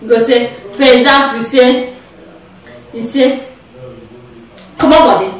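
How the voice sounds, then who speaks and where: A woman's voice: fairly high pitch, steady tone, measured pace. A woman with a Nigerian accent hosting a casual family vlog at home, chatty and playful as she quizzes someone, often laughing. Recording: very echoey room, voice far from mic.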